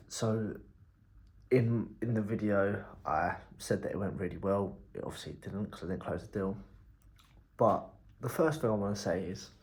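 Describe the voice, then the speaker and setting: A young man, talking casually in a diary-style vlog, blunt and rambling, swearing freely. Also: on the low side. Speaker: entrepreneur vlogger.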